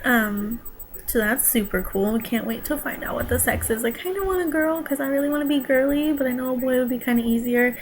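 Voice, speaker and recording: A woman's voice: sits high, a little fast, a little hiss or hum, low-quality recording. A young woman vlogging a casual pregnancy update, rambling and nervous.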